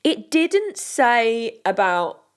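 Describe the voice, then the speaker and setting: A woman's voice: on the high side, sing-song, very slow, clear, resonant tone. Chatty British woman co-hosting. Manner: chatty, reads out items and jokes along. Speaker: podcast co-host. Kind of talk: casual podcast chat.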